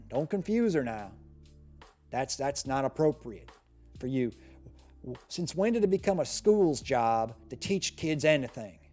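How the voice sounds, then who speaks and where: Brief: a man doing a loud, indignant Southern parent with a put-on drawl, mellow low tone, faint music behind. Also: natural voice. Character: blustering white Southern parent, male, middle-aged.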